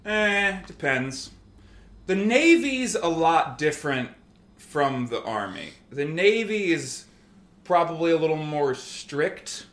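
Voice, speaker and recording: Man, 30s, former army medic, casual profane storytelling, acts out quotes, slightly high voice, echoey room. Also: sing-song, slow, a bit bright. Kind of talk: casual conversation.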